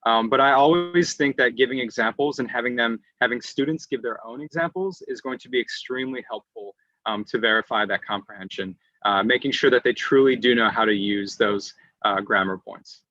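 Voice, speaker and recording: A man's voice: medium pitch, fairly quick, bright, forceful tone, no echo. A man giving an online lecture on teaching English, explaining patiently with frequent restarts and "um"s. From United States. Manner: patient explainer who often restarts phrases and fills with "um". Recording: dry, slightly muffled online audio.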